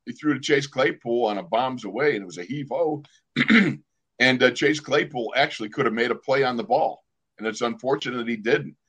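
An older man, a former pro football player, telling lively sports stories on a casual podcast. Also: medium pitch. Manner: animated storyteller, acts out other people's lines.

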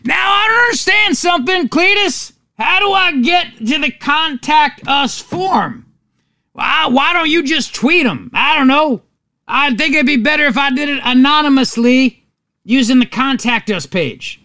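A man's voice: very high-pitched, lively intonation, unhurried, pushed and bright, dry recording, studio quality, pitched above the performer's own voice, full character voice. A man putting on a Southern accent to voice Cletus, a dim, rowdy hick man who drawls and hollers. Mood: hollering. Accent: put-on Southern.

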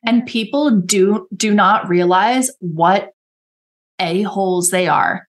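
A woman's voice: mid-range voice, takes it slowly. A woman coach talking earnestly in a casual podcast conversation, often acting out her own inner dialogue in quoted voices. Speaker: guest coach.

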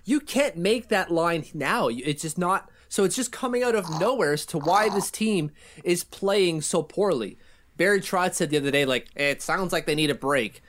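High-voiced joking podcast co-host man. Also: moderate pace. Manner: animated, jokey, reads ad copy. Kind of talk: casual sports podcast chat.

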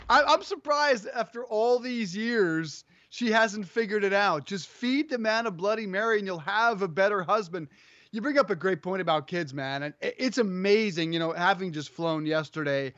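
A man's voice: high-pitched, a bit bright, dry recording. A man co-hosting a casual sports show from home, bantering in a playful, self-mocking way. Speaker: co-host. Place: home studio. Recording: dull lo-fi remote audio.

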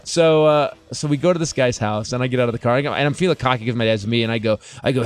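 A middle-aged male comedian from California tells a long comic story at a fast clip. He rambles and restarts, piling one clause on the next. His voice sits in an ordinary middle pitch and jumps higher whenever he gets animated. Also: no room sound. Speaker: comedian, guest.

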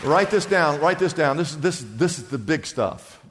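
High-voiced pastor preaching in an echoing hall. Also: male voice, normal speed, a crowd in the background, noisy background. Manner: excitable preaching with rhetorical questions and repeated phrases. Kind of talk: sermon.

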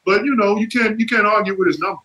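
A man's voice: high voice, fast, sharp tone, poor audio. A man in his fifties, a former pro basketball player, telling stories as a podcast guest, laughing often and using salty slang. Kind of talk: casual interview chat.

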